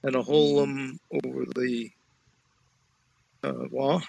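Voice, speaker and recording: Guy in an online class reading letters slow, unsure, kinda gravelly and bright. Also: medium pitch, little pitch movement, low-quality recording. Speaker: student.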